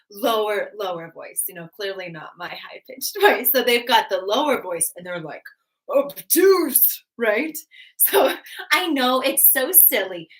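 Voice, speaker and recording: A woman's voice: mid-range voice, bright, forceful tone. A woman teaching a live online math lesson, bubbly and encouraging, chatting with viewers between steps. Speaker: GED math tutor. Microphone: webcam.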